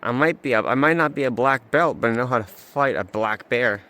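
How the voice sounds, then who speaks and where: A young man records himself outdoors on a mountain trail with a handheld camera. He is out of breath and talks in an excited, chatty way. He often repeats words, and his voice sits in a middle pitch. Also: fairly quick. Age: young adult. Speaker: vlogger. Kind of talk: casual hiking vlog.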